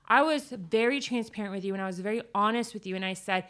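A woman in casual podcast chat, telling a story with emphasis, some swearing and lively retold quotes. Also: mid-range voice, fast. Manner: emphatic and profane, animated storytelling.

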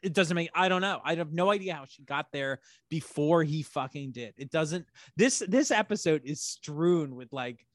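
A man co-hosting a podcast, chatting casually about a TV episode, incredulous and animated, laughing often and swearing. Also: a little high, moderate pace, hardly any pauses, dry recording, studio quality. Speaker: podcast co-host. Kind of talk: casual chat recapping a TV episode. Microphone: close podcast mic.

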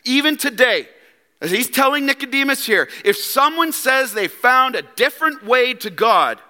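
A man's voice: extremely high pitch, animated, moderate pace, sharp tone, long reverb tail. A man preaching a sermon as a pastor, emphatic and full of rhetorical questions, acting out quoted lines. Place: church sanctuary.

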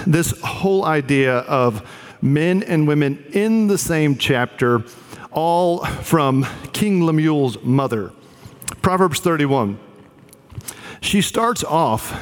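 A man giving a casual, conversational sermon with joking asides, talking directly to the young men in the room. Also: mid-range voice. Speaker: pastor. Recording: long hall reverb.

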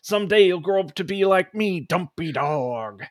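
A man voicing a stoned, strung-out man in a dog mascot costume who talks slowly and lazily. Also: high-pitched, expressive, dry recording, clean studio sound. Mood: drawling.

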